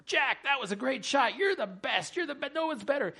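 A man's voice: very high-pitched, animated, fairly quick, gravelly, bright, forceful tone, pitched above the performer's own voice, full character voice. A man voicing an eager male golf caddy who heaps praise on his player. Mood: cheering. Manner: enthusiastic praise.

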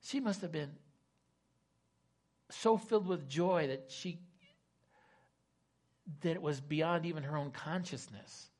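A man's voice: on the high side, takes it slowly, pauses often. Dramatic preacher man, raised voice. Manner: dramatic, shifting between loud emphasis and hushed asides. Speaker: pastor. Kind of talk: sermon retelling a scripture story.

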